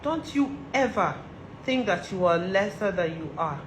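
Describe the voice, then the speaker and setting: A woman's voice: medium pitch, animated, measured pace, reverberant, slight background noise, rough recording. A woman with a Nigerian accent giving a motivational talk to other women, earnest and repeating her urgings for emphasis. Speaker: vlogger giving advice to women. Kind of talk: motivational monologue.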